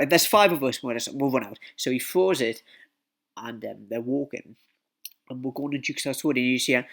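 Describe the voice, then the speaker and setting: Rambling, bright-voiced man telling a story. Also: mid-range voice, normal speed, vocal fry. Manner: rambling, repeats words and swears often. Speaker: vlogger. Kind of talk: casual storytime.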